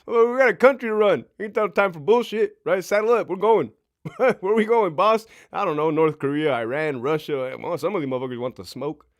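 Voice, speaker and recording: A man's voice: high voice, fairly quick, no room sound, dull audio. A man in his thirties hosting a casual livestream from home, cursing freely, laughing and answering chat comments. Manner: profane, boastful, laughing, addresses chat directly. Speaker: livestream host.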